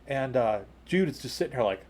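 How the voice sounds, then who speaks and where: Animated man spinning a long story. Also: brisk. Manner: animated storyteller, lots of "you know" and "like"; jumps higher and louder when retelling excited moments. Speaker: podcast co-host. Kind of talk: casual storytelling chat.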